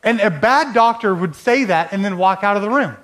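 A man's voice: sits high, animated, a little fast, a bit bright. A man preaching a sermon in a conversational way, often asking the listeners rhetorical questions. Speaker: pastor.

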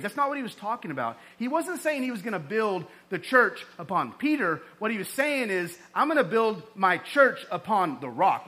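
A man preaching a sermon as pastor, talking in a conversational way with animated emphasis. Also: sits high.

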